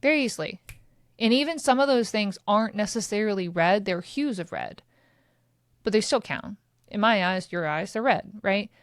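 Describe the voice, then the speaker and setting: A woman's voice: mid-range voice, expressive, normal speed, dry recording, clean studio sound. A woman in her thirties hosting her own podcast, talking casually and candidly, swearing and laughing now and then. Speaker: podcast host. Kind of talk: casual solo podcast talk.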